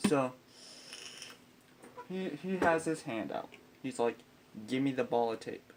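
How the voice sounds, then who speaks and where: A man's voice: medium pitch, very animated, unhurried, pauses often, a little mellow. A teenage boy telling a profane comic story about school, ranting with constant swearing and exasperation. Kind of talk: profane comedic storytelling with guitar.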